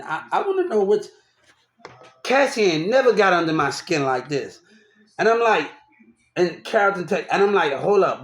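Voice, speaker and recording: A young man rambling through a personal story, repeating himself and restarting often. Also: high-pitched. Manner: repetitive, restarts often, animated. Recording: roomy echo.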